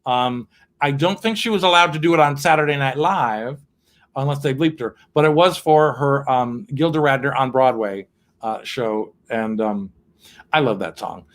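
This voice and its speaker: A man's voice: mid-range voice, moderate pace, a bit bright. A man hosting an online cabaret show from his piano, chatting with viewers between songs in a campy, cheeky way and laughing often. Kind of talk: chatty live-stream banter between songs.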